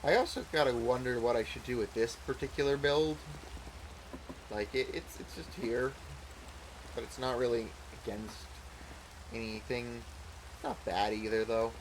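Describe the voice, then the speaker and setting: A man's voice: mid-range voice, steady tone, normal speed, long pauses, background noise. A man giving casual, rambling gameplay commentary as a let's play host, thinking aloud as he goes.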